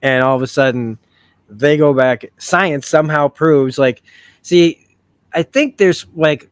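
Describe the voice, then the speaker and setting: A man's voice: on the high side, unhurried, smooth, no echo. A man hosting a casual review, thinking aloud with many restarts and frequent swearing. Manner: rambling, profane, with self-correcting restarts. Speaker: video essay host.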